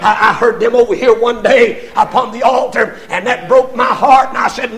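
An older preacher with a high voice delivers a fiery sermon. He swells into shouts, stumbles over repeated words as his passion runs ahead of him, then drops low again to drive a point home. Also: moderate pace. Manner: impassioned, rising to shouts, stammering repetitions.

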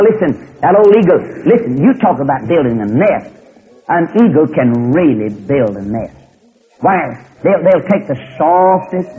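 A man telling an animal story as a preacher, in a lively, folksy, repetitive way. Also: on the high side. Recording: tinny phone-like recording.

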